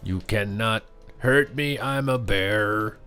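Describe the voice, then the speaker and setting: A man's voice: lowish voice, takes it slowly, bright, forceful tone, clear, resonant tone, faint music behind. A young man streaming a game live, giving playful commentary full of jokes and trash talk.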